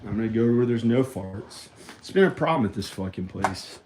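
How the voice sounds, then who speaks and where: Low-voiced man, rambling and cursing, roomy echoey sound, mic held far off. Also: lively intonation, moderate pace, background noise. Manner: rambling, profane, muttering. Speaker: vlogger. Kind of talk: rambling monologue to a microphone. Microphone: handheld microphone.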